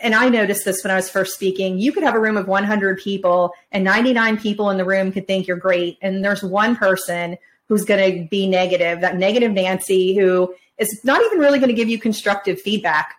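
A chatty woman hosts a casual panel discussion, her words tumbling out quickly. Her voice sits in an ordinary middle pitch and stays conversational, and the sound is the plain audio of a remote call. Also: rough recording. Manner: fast-talking, chatty, conversational. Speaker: panel moderator.

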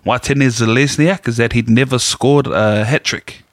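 A man's voice: mid-range voice, fairly even intonation, normal speed, no room sound. A man, co-hosting a casual chat podcast and telling rambling stories in laid-back slang. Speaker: podcast co-host.

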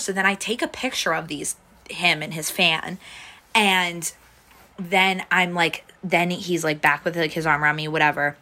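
A young adult woman recounts a night out in loose, chatty storytelling, full of restarts and "like" fillers. Her voice sits low, yet it has a bright, forward edge. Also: fairly even intonation, normal speed. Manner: rambling, heavy use of "like" fillers, restarts. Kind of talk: casual storytelling chat.

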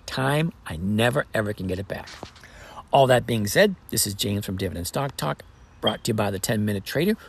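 A man's voice: on the low side, expressive, fairly quick, gravelly, husky. A man hosting a podcast, chatting casually and joking as he walks through the numbers of a trade. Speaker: podcast host. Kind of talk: casual trading talk.

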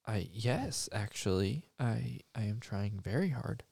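A man's voice: on the low side, expressive, measured pace, vocal fry, a little mellow, breathy edge, no room sound, voice pushed down, exaggerated voice. A man voicing a meek housewife who stammers out apologies in an improvised comedy sketch.

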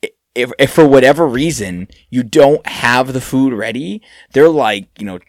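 A man co-hosting a casual chat about fast-food work, acting out customers in raised voices. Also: mid-range voice, lively intonation, dry recording, studio quality. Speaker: podcast co-host, fast-food worker.

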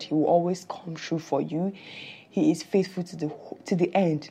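A woman hosting a podcast who gives an earnest, encouraging faith talk. She talks quickly and stumbles over her words at times. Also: fairly low pitch, warm tone, breathy edge. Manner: talks fast and stammers at times; earnest, encouraging, a little nervous. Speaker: podcast host.

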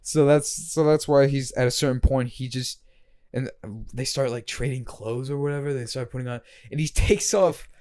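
A man's voice: mid-range voice, moderate pace, clear, resonant tone, dry recording, clean studio sound. Rambling man in casual chat. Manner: rambling, animated, breaks into loud impressions and laughs. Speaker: podcast co-host discussing a film.

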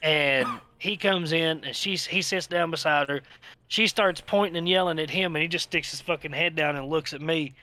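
A man's voice: on the high side, normal speed, sharp tone. A man telling long, rambling stories in casual chat, swearing freely as he goes. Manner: profane, rambling storyteller. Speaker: podcast co-host telling stories.

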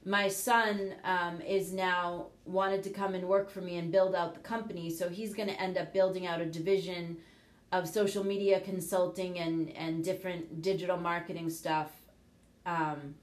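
A woman's voice: lowish voice, steady tone, moderate pace. A middle-aged woman coach and show host, talking frankly and casually, with the odd swear word. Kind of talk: casual motivational talk. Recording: echoey room.

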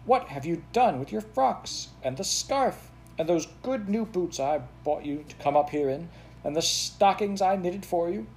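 A man's voice: medium pitch, big pitch swings, brisk, slight background noise, close to an everyday voice. A man voicing a cross, fussy aunt who scolds shrilly in a storybook reading. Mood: shrill alarm. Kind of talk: audiobook character voice.

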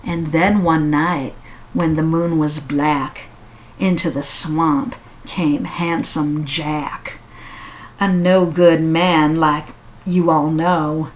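A woman's voice: deep voice, extremely slow. A middle-aged woman hosting a show, talking casually with fillers and reading a poem aloud. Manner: relaxed, with fillers and restarts. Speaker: podcast host.

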